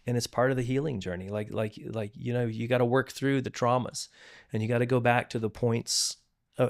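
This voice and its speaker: A middle-aged man, a pastor, telling a personal story of forgiveness in a candid, earnest way, often restarting and repeating words. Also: mid-range voice. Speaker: pastor and podcast guest. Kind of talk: candid testimony in conversation.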